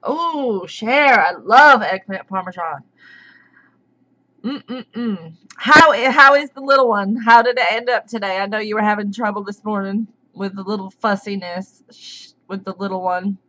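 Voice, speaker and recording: A woman's voice: mid-range voice, moderate pace, pushed and bright, slight background noise. A woman hosting a casual live stream, chatting and reading out viewers' names as they come in. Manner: chatty, greets viewers by name.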